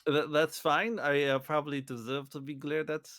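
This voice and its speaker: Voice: mid-range voice, level tone, moderate pace, a bit bright, dry recording, studio quality. A playful, joking co-host in casual chat on a live stream. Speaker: podcast co-host.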